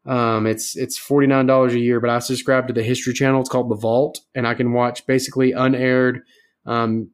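A man's voice: mid-range voice, flat delivery, brisk. A man co-hosting a casual podcast, talking things over chattily and stopping to restart his sentences. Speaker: podcast co-host.

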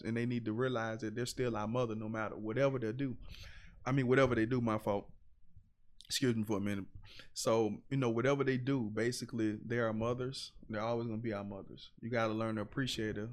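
A man's voice: medium pitch, level tone, fast talker. Candid man telling stories. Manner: candid, rambling, profane, with frequent fillers. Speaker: podcast guest, author. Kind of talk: casual storytelling chat.

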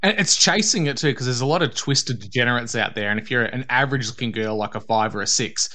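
Quick talking guy, bright tense voice, mocking podcast banter. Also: medium pitch. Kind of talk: casual chat.

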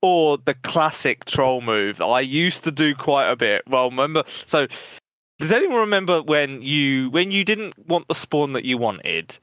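A man's voice: on the high side, sing-song, measured pace, a bit bright, dry recording. A man co-hosting a casual gaming podcast, swearing freely and laughing as he tells trolling stories. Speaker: podcast co-host.

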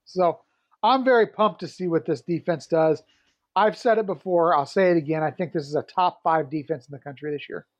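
A man's voice: fairly high pitch, a little fast, dry recording. A man co-hosting a sports podcast in an enthusiastic, casual way, with plenty of "you know" and "uh". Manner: enthusiastic, filler-heavy. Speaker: podcast co-host.

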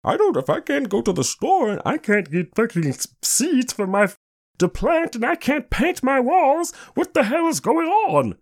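A man's voice: sing-song, normal speed, exaggerated voice. A man mocking a whiny, petty complainer. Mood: whining. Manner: mocking, high-pitched whine. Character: whiny complaining adult, petty and self-absorbed.

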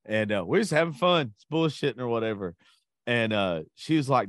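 A man's voice: mid-range voice, a little fast, no echo, clean studio sound. A man, a podcast co-host in crude casual chat, telling boastful stories and acting out quotes. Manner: profane, boastful storytelling with animated quoting.

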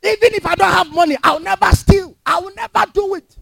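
A man's voice: very high voice, animated, a little slow, warm tone, no room sound, pitched above the performer's own voice, heavily acted. A man preacher voicing defiant young men of faith, speaking in a bold, fervent and emphatic way.

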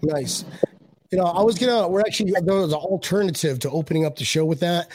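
Rambling, high-voiced man hosting. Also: fast talker, a little mellow, no echo. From Buffalo, USA. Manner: rambling, repeats words, joking. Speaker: podcast host. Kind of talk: casual chat.

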